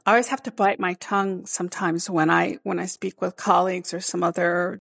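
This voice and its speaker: A woman scientist chatting casually, animated and quick to laugh, often restarting her words. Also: lowish voice, creaky, no echo. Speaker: scientist guest. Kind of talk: casual conversation. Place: home in Northern Kentucky.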